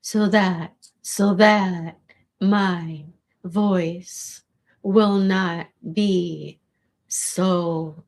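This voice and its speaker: A woman with a gravelly voice, rambling casually in a monologue with restarts and swearing. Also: medium pitch, steady tone, drawn-out words. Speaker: vlogger.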